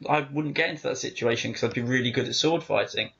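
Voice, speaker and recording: A man co-hosting a casual podcast chat, talking with excited enthusiasm. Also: medium pitch, fast, creaky, husky, muffled recording. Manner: excitable, enthusiastic film fan. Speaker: podcast co-host.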